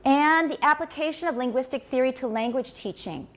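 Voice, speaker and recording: A woman's voice: sits high, a little fast. A woman lecturing on linguistics in a classroom, stopping to correct and model pronunciation for her students. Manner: corrects and models pronunciation, switches into Mandarin for glosses.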